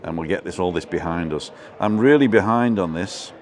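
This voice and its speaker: A man's voice: sits low, moderate pace. A man with a relaxing voice, from the UK, hosting a casual live stream and chatting his way through viewer comments.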